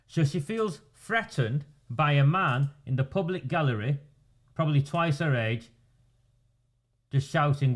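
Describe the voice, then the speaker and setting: A man's voice: fairly high pitch, animated, unhurried. A man, commenting indignantly over footage of a council meeting. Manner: indignant, repeatedly calling out names. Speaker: political commentator.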